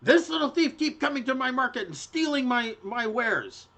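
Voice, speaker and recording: Man putting on a shrill flustered gnome woman. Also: sing-song, normal speed, gravelly, bright, forceful tone, exaggerated voice. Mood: pleading. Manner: high shrill scolding in broken English. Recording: dull lo-fi audio.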